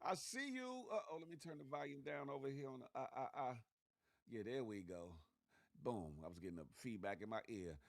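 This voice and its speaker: A man hosting a casual livestream morning show, giving playful slangy shout-outs to viewers and hyping up the day. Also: medium pitch, expressive, a little fast, gravelly, dry recording, studio quality. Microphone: phone.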